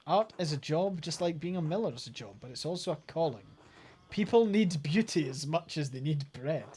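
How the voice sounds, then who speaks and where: A man's voice: a little high, lively intonation, normal speed, breathy edge. A Scottish man reading a friendly young artist. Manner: friendly, gently encouraging. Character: earnest young male artist.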